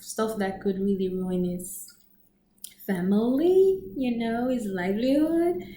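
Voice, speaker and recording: A woman telling a story in casual chat on her vlog, animated and laughing often, acting out quotes in a high voice. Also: echoey room, a little hiss or hum, rough recording. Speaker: storyteller vlogger.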